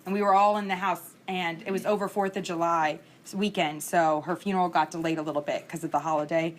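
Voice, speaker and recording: A woman's voice: fairly low pitch, fairly even intonation, brisk, a little hiss or hum. Chatty woman teaching a lesson. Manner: chatty and candid, laughs through stories. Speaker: instructor. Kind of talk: casual lecture with personal stories. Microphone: screencast recording mic.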